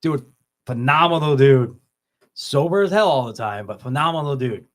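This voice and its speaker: A man's voice: medium pitch, normal speed. A man telling stories in casual podcast chat, often laughing and acting out the voices of people he quotes. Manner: swears casually, repeats words. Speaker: podcast host.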